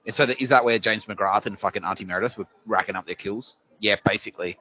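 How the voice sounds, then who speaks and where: An Australian man, a podcast host, rambles through a comic monologue outside on a city street, cursing freely and posing questions to himself that he then answers. His voice is lowish and he talks fast, on a dull, lo-fi recording.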